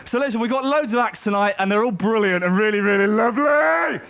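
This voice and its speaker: A man hosting a stand-up comedy show, teasing the audience in loud banter on a club stage. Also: high voice, expressive, fairly quick, creaky. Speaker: host. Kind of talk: stand-up compere. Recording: noisy TV broadcast recording.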